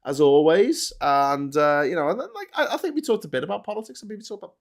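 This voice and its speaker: A man hosting a relaxed chat show, bantering and laughing with his guests. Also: a little high. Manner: chatty, laughing, quick asides. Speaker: host.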